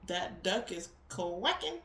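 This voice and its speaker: A woman's voice: on the low side, big pitch swings, takes it slowly, fairly bright tone, slight background noise. Blunt, profane woman in an echoey room. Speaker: tarot reader. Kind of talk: casual spiritual pep talk. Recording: roomy echo with faint ambience.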